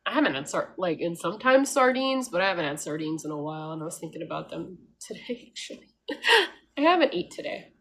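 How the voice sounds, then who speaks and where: Frank, animated woman ranting on camera. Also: on the low side, fast talker. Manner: animated, frank, laughs often, mimics others. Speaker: homesteading vlogger. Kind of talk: casual talking-head rant.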